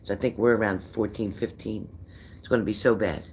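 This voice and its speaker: A man's voice: fairly low pitch, fairly even intonation, fairly quick, slight background noise. An older man hosting a psychic livestream, tired and chatty, rambling and greeting viewers by name. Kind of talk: casual livestream chat reading viewer comments.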